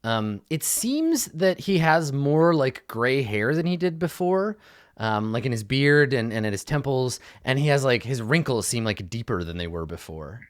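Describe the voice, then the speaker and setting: A man's voice: mid-range voice, sing-song, normal speed, dry recording, studio quality. A man narrating a tabletop game as dungeon master, casual and loose with many fillers.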